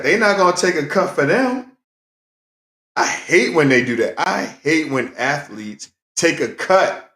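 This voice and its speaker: A podcast host with a fairly high, animated, somewhat bright voice talks at a slightly slow pace on his casual solo show. He chats right to his viewers, greets them regularly, and leans on repeated phrases for emphasis, with roomy echo in the recording.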